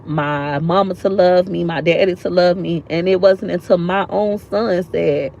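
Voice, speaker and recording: A woman's voice: on the low side, measured pace, creaky, darkish tone, highs cut off, a little hiss or hum. A woman vlogger sitting in a park outdoors, talking earnestly and from the heart, repeating lines for emphasis. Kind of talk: emotional motivational vlog talk.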